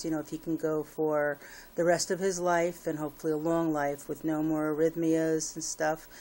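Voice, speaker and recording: A woman's voice: sits low, darkish tone, slight background noise. A woman giving a casual personal update to her viewers, rambling with many fillers and restarts. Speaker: vlogger.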